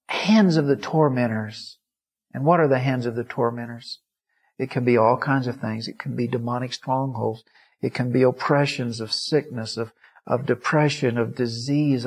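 A man preaching a sermon as a pastor, telling a story and swinging from loud climaxes to hushed, quiet lines. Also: mid-range voice, breathy edge.

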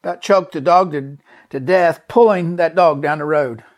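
The audio is dull as a man with a slightly high voice preaches at a moderate pace. Telling a personal story, he speaks earnestly and emphatically, repeating words and asking his audience direct questions.

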